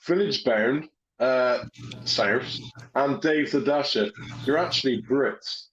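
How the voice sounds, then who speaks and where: A man's voice: medium pitch, takes it slowly, a bit bright. A man in casual chat, rambling, joking and swearing a lot. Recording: dull lo-fi audio.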